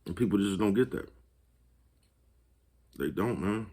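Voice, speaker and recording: A man with a fairly low voice, talking to camera in a loose, slangy monologue. He swears freely, laughs between points, and keeps checking that you follow his meaning. It has the easy rhythm of a casual motivational vlog. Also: unhurried, mellow, breathy edge. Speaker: vlog host.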